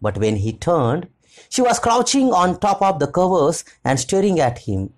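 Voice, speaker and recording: An audiobook reader narrating a short story for a literature lesson in a measured, expressive way. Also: medium pitch.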